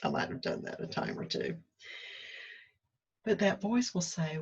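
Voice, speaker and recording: Husky low-voiced woman, candid and chatty. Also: wildly swooping pitch, measured pace, long pauses. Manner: chatty, candid, self-deprecating, acts out her own inner dialogue. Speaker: spiritual self-help host. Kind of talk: casual reflective monologue. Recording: muffled lo-fi recording.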